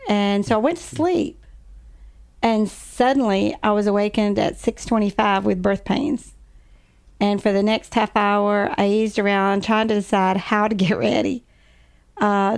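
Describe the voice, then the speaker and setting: A woman in her forties telling the story of a birth in a calm, measured, reflective way. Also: medium pitch, gravelly. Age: 40s. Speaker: co-host telling her testimony. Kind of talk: casual storytelling.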